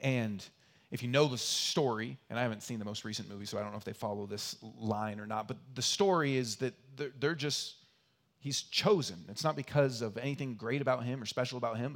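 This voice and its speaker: A man preaching a sermon as pastor, earnest and repetitive for emphasis, swinging between loud emphatic lines and quiet asides. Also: mid-range voice. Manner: earnest, repeats key phrases for emphasis. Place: church.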